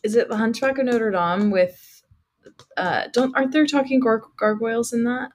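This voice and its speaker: A woman in casual chat, reacting quickly and adding dry jokes. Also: fairly high pitch.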